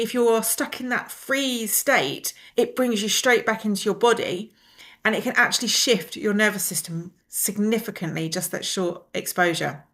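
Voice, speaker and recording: A woman teaching a wellness lesson, calmly and gently guiding the listener through breathing exercises. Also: mid-range voice. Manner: calm, gently instructive, slows down to guide exercises.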